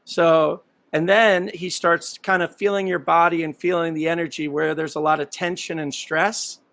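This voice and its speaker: A man's voice: on the high side, level tone, moderate pace, vocal fry, a bit bright. A man hosting a podcast in casual chat, playful and teasing as he sets up guessing games. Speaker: podcast host.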